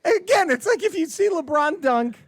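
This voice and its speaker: Male podcast co-host, swears and laughs often, very animated pitch. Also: moderate pace, no echo, studio quality. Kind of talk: casual chat.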